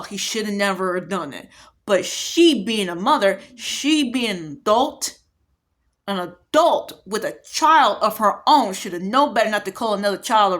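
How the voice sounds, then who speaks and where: A woman's voice: medium pitch, a bit bright. Agitated woman in her forties, ranting. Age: 40s. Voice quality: speech impediment when emotional. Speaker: vlogger. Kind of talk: emotional monologue to camera.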